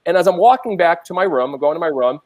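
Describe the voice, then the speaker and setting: A man on a business roundtable telling a lively story, acting out the people he quotes. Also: a little high, fast. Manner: animated, acts out quoted voices. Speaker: panelist, business owner.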